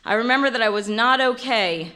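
A woman's voice: on the high side, fairly quick, pushed and bright. A woman in her late twenties giving a candid, rambling personal testimony at a recovery meeting, full of fillers. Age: late 20s.

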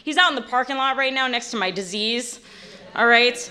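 A woman's voice: a little high, brisk, bright, forceful tone. A woman in her late twenties giving a candid, rambling personal testimony at a recovery meeting, full of fillers. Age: late 20s.

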